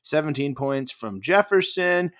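A man's voice: a little high, animated, unhurried, fairly bright tone. A man co-hosting a podcast, teasing and matter-of-fact in casual chat. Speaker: podcast co-host. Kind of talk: casual fantasy football chat.

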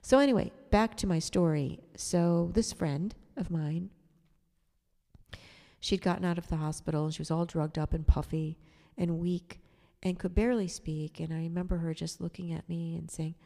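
Gravelly low woman telling a story. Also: steady tone, normal speed, dark tone, in a large hall. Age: adult. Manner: chatty, digressive, sarcastic asides. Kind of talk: casual storytelling monologue.

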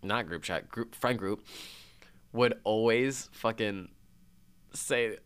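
A man's voice: fairly low pitch, slow, clean tone. A young man from Minnesota co-hosting a podcast, chatting casually and teasing his co-host. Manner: teasing, joking. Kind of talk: casual chat.

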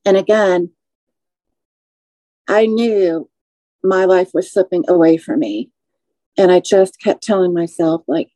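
A woman in her forties with a warm, mellow voice shares a personal testimony as a podcast guest. She speaks slowly and in measured phrases, with feeling. The sound is dry and close. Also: lowish voice, no room sound, poor audio. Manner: measured, slow, emotional recounting.

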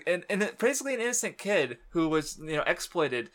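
A man's voice: mid-range voice, animated, brisk, few pauses, fairly bright tone. A man in casual podcast chat about a manga, rambling with lots of fillers, laughing often and swearing now and then. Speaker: podcast co-host.

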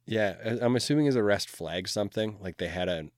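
A man with a low, deep voice talks through a movie plot in a casual, meandering way. He laughs easily and lets his sentences trail off. The sound is close and dry, with no room around it. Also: a little fast, dry recording. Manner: laid-back, laughs often, trails off. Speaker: podcast co-host. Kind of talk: casual movie recap chat.

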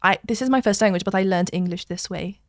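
A woman's voice: mid-range voice, fast. A young woman from Malta with a Maltese accent, a drama student chatting casually on a podcast and explaining at length with lots of "like" fillers. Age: young adult. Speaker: drama school student guest.

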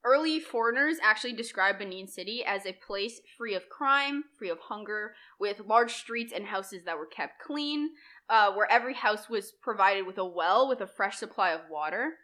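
Bright young woman chatting about history. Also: medium pitch, normal speed. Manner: lively, chatty, many likes and ums, laughs often. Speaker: podcast co-host presenting history. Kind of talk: casual conversational history chat.

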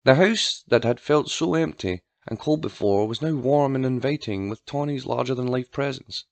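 A man narrating a dark storybook with a steady, dramatic reading. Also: mid-range voice, normal speed, creaky, no room sound. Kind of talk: scripted narration.

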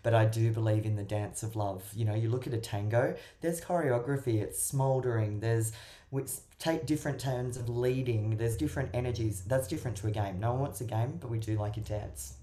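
Low, mellow-voiced woman love coach. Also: brisk. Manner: expressive, acts out little voices while explaining. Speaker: love coach and matchmaker guest. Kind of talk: casual podcast advice.

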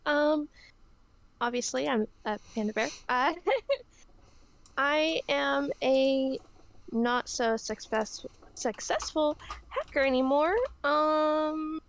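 A woman's voice: high-pitched, creaky, full character voice. A woman playing a cheery panda hacker. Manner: cheery, giggly, halting.

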